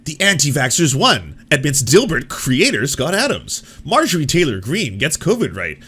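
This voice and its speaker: A man's voice: fairly high pitch, big pitch swings, normal speed, pushed and bright, breathy edge. A man hosting an online commentary show, talking casually in a sarcastic, rambling and profane way as he reacts to clips. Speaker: host.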